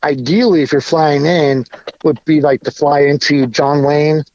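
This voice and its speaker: A man's voice: fairly high pitch, fairly even intonation, darkish tone, no room sound. Laid-back man on dull lo-fi audio. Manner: laid-back, easygoing, halting. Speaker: podcast guest. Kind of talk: casual podcast conversation.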